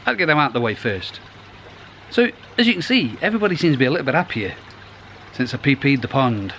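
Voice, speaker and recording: A man's voice: mid-range voice, sing-song, fast talker, bright, forceful tone, slight background noise. A middle-aged man, chatting casually to camera beside his garden pond, rambling and restarting his phrases. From United Kingdom. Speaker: koi pond vlogger. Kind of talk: casual vlog.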